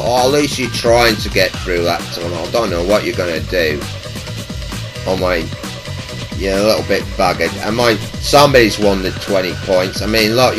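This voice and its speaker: Man, gaming host, casual teasing commentary, headset mic, faint music bed. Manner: teasing, swearing, mumbled low asides. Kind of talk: casual game commentary over party chat.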